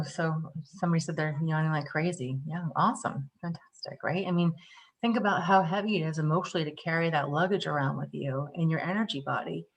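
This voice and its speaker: A woman from the Northeastern US leads a live online tapping workshop, chatty and lively, acting out small scenes to explain things. Her voice is low.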